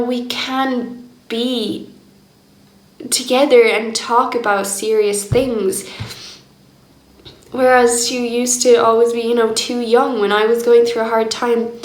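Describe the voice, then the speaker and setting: A young woman speaking candidly and reflectively in a personal diary vlog, laughing often as she talks. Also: fairly high pitch. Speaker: vlogger. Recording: echoey room.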